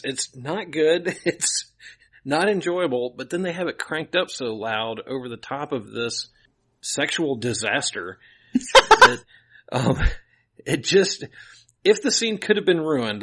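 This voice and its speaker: A man chatting as a podcast guest, wry and quick to laugh. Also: mid-range voice, very animated, pushed and bright, slightly rough. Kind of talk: casual podcast chat.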